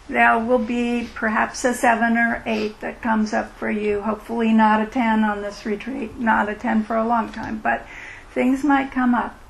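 A woman teaching mindfulness at a retreat and answering questions, in a gentle, reflective way that acts out inner thoughts. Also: a little high, creaky, low-quality recording. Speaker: meditation teacher.

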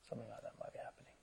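A man giving a gentle, conversational dharma talk to meditators as their teacher, often asking rhetorical questions. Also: mid-range voice, vocal fry, slight background noise, low-quality recording.

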